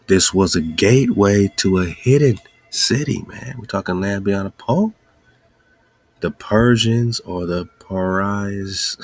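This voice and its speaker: Slow husky-voiced man, deep and dry. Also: dry recording. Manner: rhetorical questions, excited musing. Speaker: podcast host. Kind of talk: casual monologue.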